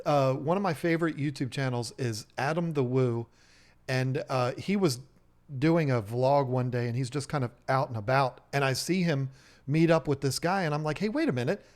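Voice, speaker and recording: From a fish shop owner's live stream setup, a man with a medium-pitched voice co-hosts a stream about aquarium fish. He reads viewer messages and rambles excitably through jokes and stories in a chatty way.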